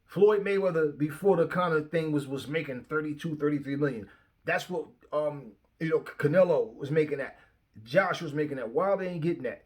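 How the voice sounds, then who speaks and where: A man's voice: a little high, brisk. Profane, fiery young man ranting. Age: young adult. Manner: confrontational, profane, repeats himself. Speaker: channel host. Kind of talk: heated rant to camera. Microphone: phone facing him.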